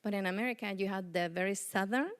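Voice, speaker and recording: Woman, Puerto Rican accent, audience question, informal, hunting for words, middle pitch. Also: fast talker, clean tone. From Puerto Rico. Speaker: audience member asking a question. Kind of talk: panel Q&A question.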